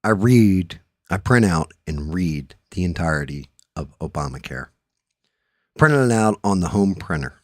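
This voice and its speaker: A man hosting a casual chat show, telling stories in a profane, animated way that rises when he gets riled up, recorded in a home studio. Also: sits low, unhurried, dry recording. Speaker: podcast host.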